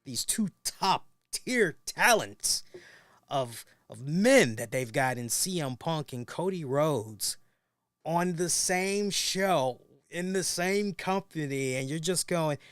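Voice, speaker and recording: Animated man reviewing wrestling, smooth voice. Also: on the high side, slow pace, dry recording, studio quality. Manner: animated, talks straight to viewers, restarts often. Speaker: wrestling show host. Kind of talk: casual review commentary.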